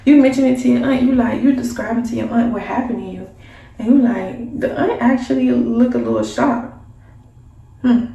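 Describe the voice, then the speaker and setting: A woman's voice: on the high side, normal speed, vocal fry, dull audio. A woman telling a story in a casual, slangy way, acting out the voices of the people in it. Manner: animated, slangy, acts out voices. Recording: echoey room, mic at a distance, faint background hum.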